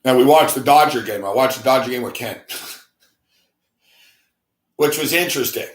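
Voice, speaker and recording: A man's voice: medium pitch, normal speed. A man hosting a sports talk show, telling a story in a casual, profane, exasperated rant and laughing often. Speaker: sports talk radio host.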